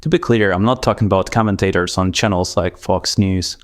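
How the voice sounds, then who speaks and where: Man, Russian accent, low voice, dry sarcastic commentary, scripted narration. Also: fairly even intonation, fairly quick. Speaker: commentary video host.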